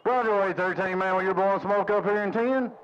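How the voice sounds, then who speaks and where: A man's voice: high-pitched, a little fast. A man with a Tennessee accent chatting on CB radio, repeating call signs and holiday greetings. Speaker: CB radio operator. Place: home radio station. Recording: muffled radio audio with faint static.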